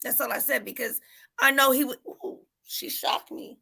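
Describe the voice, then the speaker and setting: A mother in casual chat, telling an animated story and acting out her son's voice. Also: high-pitched, normal speed, vocal fry, husky.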